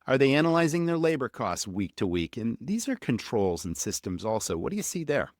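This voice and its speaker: A man's voice: mid-range voice, big pitch swings, fairly quick, no echo, clean studio sound. Earnest man hosting a podcast. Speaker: podcast host. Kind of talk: interview podcast.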